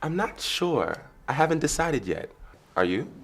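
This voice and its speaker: A man acting in a scripted learner dialogue as a relaxed, somewhat hesitant coworker. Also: on the high side, measured pace, vocal fry, full character voice. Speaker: office worker in a lesson video.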